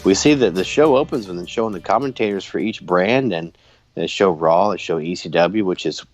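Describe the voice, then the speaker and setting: A man's voice: deep voice, brisk, faint music behind. A man co-hosting a casual wrestling podcast, joking and laughing often as he talks. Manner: jokey, animated, laughs often. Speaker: podcast co-host.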